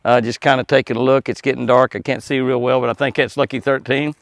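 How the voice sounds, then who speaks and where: Older man, folksy ranch vlogger, gravelly tone, recorded outdoors. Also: medium pitch, flat delivery, fast talker, no echo. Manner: chatty, folksy, chuckles often, talks to animals. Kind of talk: casual outdoor vlog narration. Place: outdoors by an animal pen at dusk.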